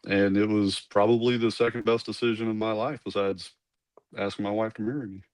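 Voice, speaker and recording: A man's voice: on the low side, steady tone, a little fast, no room sound. A man, a former Army commander, telling his story in a casual interview, rambling with asides and restarts.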